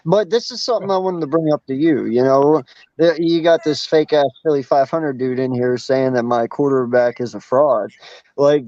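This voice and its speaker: A man's voice: a little high, darkish tone, dry recording, lo-fi sound. A man hosting a sports talk show, casually defending his team's quarterback. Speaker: host.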